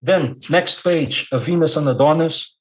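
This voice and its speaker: In this podcast conversation, a Portuguese man with a highish voice speaks a little slowly in accented, non-native English. He explains at length and often repeats words while thinking.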